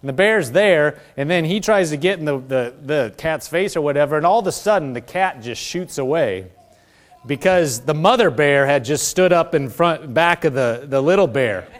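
A man's voice: a little high, normal speed. A man preaching a sermon, calling on the congregation to repeat after him, with a conversational manner full of asides. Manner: lively preaching with call-and-response. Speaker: pastor.

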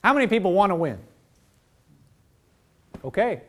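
High-pitched guy preaching a sermon, earnest, acts out little prayers as he goes. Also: very animated, normal speed.

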